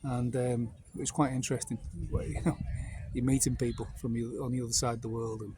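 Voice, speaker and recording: A man's voice: mid-range voice, flat delivery, a little fast, noisy background. A man in his fifties from North Wales with a North Welsh accent, telling casual anecdotes in a meandering, digressive way.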